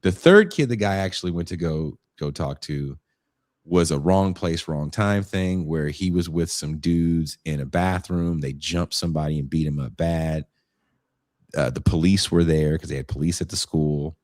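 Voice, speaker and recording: Deep-voiced man telling a story. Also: normal speed, no room sound, studio quality. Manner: animated retelling with swearing and acted quotes. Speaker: podcast co-host. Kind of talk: casual chat, storytelling.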